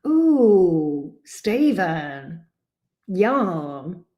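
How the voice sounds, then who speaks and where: A woman's voice: medium pitch, a little mellow. A woman hosting a casual livestream chat, answering viewers by name. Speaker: tarot reader hosting a livestream.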